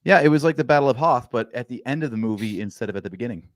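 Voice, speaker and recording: A man with a mid-pitched voice co-hosting a casual podcast, laid-back and joking, with the odd casual curse. His sound is dry and right on the mic. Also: expressive, racing, no echo. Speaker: podcast co-host.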